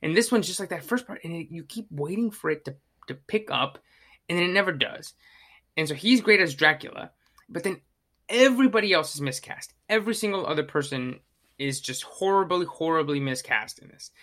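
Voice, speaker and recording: Podcast co-host, casual review chat; animated and profane, bright tone, mid pitch. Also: brisk. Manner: animated, swears, acts out own reactions.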